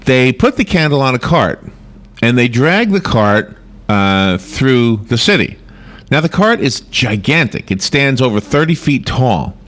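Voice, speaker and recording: A man's voice: medium pitch, very animated, unhurried, a bit bright. A man co-hosting a casual morning radio show, reading holiday customs aloud and laughing often. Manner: laughs often, reads facts aloud then riffs. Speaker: radio host.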